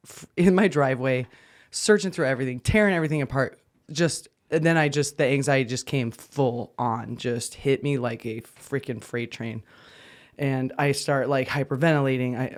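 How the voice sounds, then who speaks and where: A man of middle pitch who tells stories with lots of energy. He laughs often, his voice leaps high when he gets worked up, and there is a nervous edge under it. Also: moderate pace. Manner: animated storyteller, laughs often, swings up in pitch when excited. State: anxious. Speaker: podcast co-host. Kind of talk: casual chat.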